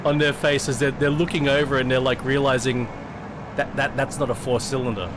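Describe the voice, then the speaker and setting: A middle-aged man with an Australian accent chats casually, tripping over his words and swearing as he tells a story. His voice sits in an ordinary middle pitch. Steady background noise runs under the recording. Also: moderate pace. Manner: profane, rambling, with frequent restarts. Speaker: sim racing streamer.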